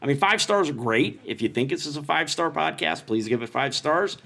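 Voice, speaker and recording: Man in his thirties, podcast co-host, lively swinging pitch, jokey, home playroom. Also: brisk, vocal fry. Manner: joking, reads listener messages aloud. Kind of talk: casual podcast chat.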